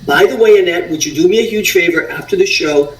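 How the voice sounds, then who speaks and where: A woman's voice: fairly low pitch, fast. Gushing woman host in an echoey room. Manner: gushing, chatty, rambling. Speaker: radio show host. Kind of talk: casual radio chat. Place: at a friend's house. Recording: echoey, distant from the mic.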